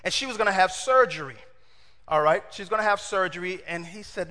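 A man preaching a sermon in an animated way, asking his congregation questions and acting out the quotes. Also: high-pitched, brisk, long reverb tail.

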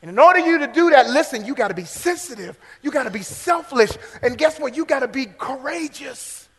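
A man preaching a sermon to his congregation, swinging between loud preaching and hushed near-whispers and calling out "guess what" again and again. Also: very high voice, animated, a little fast, in a large hall, poor audio. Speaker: pastor. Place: church sanctuary.

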